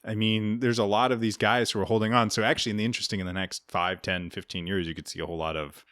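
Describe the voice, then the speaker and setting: A man's voice: fairly low pitch, fairly even intonation, fast, a bit bright, no room sound, clean studio sound. A man co-hosting a casual history podcast, rambling with frequent chuckles and restarts. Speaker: podcast co-host.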